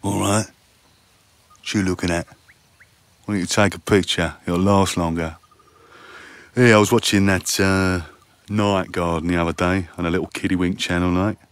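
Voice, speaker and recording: An actor playing a blunt, slangy bloke who talks bluntly. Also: male voice, deep voice, steady tone, normal speed, long pauses, smooth, no room sound. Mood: gruff.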